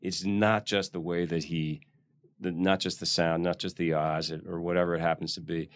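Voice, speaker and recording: Low-voiced Philly actor, thoughtful. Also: male voice, level tone, moderate pace, no echo, clean studio sound. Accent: Philadelphia. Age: middle-aged. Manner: thoughtful, searching for words. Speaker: guest actor. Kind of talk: casual interview chat.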